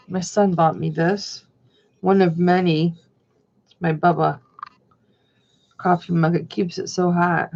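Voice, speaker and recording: A woman's voice: lowish voice, little pitch movement, slow, gravelly, long pauses, a little mellow. A middle-aged woman, hosting a casual livestream chat and reading viewer comments aloud. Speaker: livestream host. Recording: dull lo-fi sound.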